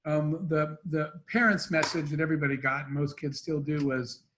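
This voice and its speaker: A man with a slightly high voice tells lively anecdotes as an interview guest. He acts out the voices of people in his stories while keeping a casual, conversational flow. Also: moderate pace, slight background noise. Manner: animated anecdotes with quoted dialogue. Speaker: entrepreneur guest. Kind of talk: storytelling interview talk.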